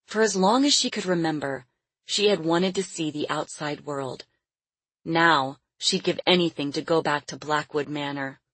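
A woman reading a novel aloud as a narrator in measured storytelling. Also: low voice, a bit bright, husky, no room sound. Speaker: audiobook narrator. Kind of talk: scripted narration.

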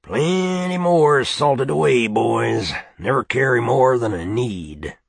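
A man voicing a boastful drifter prospector with a hoarse, commanding whisper, superior and bored. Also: mid-range voice, lively intonation, takes it slowly, no echo, voice pushed up, exaggerated voice.

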